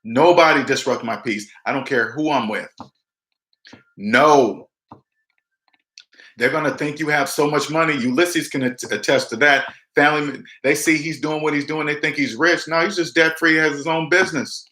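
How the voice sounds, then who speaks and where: A man's voice: fairly high pitch, moderate pace, pushed and bright, reverberant. A man in his forties giving a casual motivational talk to his viewers, repeating himself and acting out other people's lines. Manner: preachy, repetitive, talks straight to viewers, acts out quotes. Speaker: personal finance vlogger. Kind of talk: casual motivational monologue to camera.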